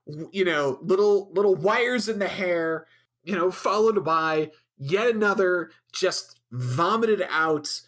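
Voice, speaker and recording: A man's voice: high voice, fairly bright tone. A man co-hosting a podcast, blunt and scathing with lots of swearing. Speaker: podcast co-host. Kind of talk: casual chat.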